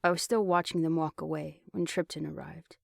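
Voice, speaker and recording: A man reads an audiobook in the first person, telling the story steadily. His voice sits a bit high for a man and has a gravelly texture. The sound is dry and close to the mic. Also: steady tone, brisk, dry recording. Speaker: audiobook reader. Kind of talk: audiobook narration.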